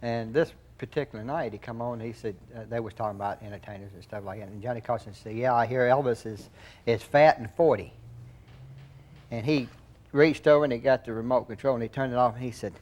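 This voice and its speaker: A man reminiscing in an interview, in a relaxed drawl that breaks into laughter at the punchlines. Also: mid-range voice, a little fast. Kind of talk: reminiscing anecdote.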